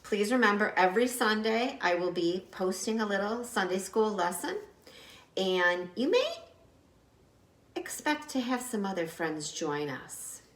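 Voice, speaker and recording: A woman teaching an online Sunday school lesson, speaking gently and simply to young children, recorded on a home camera. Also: mid-range voice, animated, unhurried. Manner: gentle, encouraging, talks simply to young kids. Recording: roomy echo.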